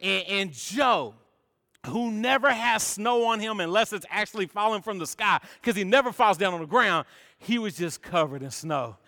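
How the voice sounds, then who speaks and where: A young man preaching a sermon, chatty and energetic, tossing in "man" and "all right?" as he tells stories. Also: high voice, normal speed. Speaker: pastor. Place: church sanctuary. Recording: long reverb of a church hall.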